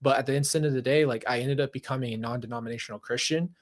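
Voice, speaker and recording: A man's voice: medium pitch, steady tone, quick pace. A young adult man hosting his own show, talking candidly and emphatically through a personal story, with plenty of "like" and restarts, into a handheld mic. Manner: emphatic, conversational, with filler "like" and restarts. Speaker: host.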